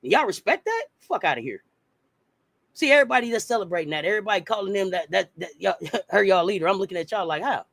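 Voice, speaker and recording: A man's voice: high-pitched, lively intonation, fast, gravelly, a bit bright, dry recording. A man in a heated sports talk rant, blunt and profane, firing off rhetorical questions. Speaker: sports commentator.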